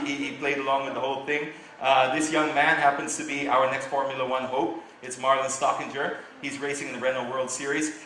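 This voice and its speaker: A man's voice: mid-range voice, a bit bright. A man from the Philippines giving a conversational, anecdotal talk to a live audience, with casual asides as he tells his story. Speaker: speaker at a live talk event. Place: large hall with audience. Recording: roomy live hall sound, faint noise.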